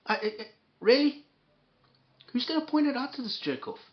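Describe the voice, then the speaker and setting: A man's voice: extremely high pitch, big pitch swings, normal speed, muffled recording. A man hosting an angry reaction commentary, ranting and swearing, often stammering over his words. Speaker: commentary host.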